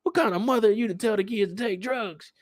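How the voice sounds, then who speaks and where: A man voicing a furious, foul-mouthed middle-aged mother who yells and curses in shrill outrage. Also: lively intonation, fairly quick, dry recording, clean studio sound.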